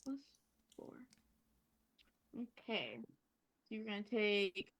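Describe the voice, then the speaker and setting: Brief: tabletop player, woman, slow and gravelly, hesitant. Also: mid-range voice, very animated, fairly bright tone, dull audio. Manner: unhurried, hesitant with fillers. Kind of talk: casual chat at a tabletop game.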